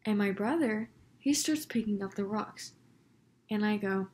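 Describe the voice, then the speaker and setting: In a casual storytime vlog, a young woman animatedly retells a run-in with her neighbor, dramatizing it with quoted dialogue. Her medium-pitched voice moves at a moderate pace over a little hiss or hum.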